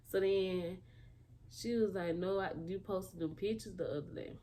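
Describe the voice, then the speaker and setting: Young woman telling a lively storytime. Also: medium pitch, measured pace. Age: young adult. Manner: animated storytelling, acting out quotes. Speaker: vlogger. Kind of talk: casual storytime.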